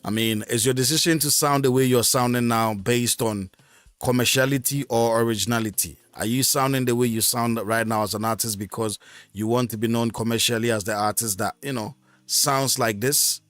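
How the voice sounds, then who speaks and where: A man's voice: medium pitch, steady tone, moderate pace, fairly bright tone, no echo. Rambling male stream host, dry close mic. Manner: rambling, many fillers and restarts. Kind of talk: casual solo live stream talk.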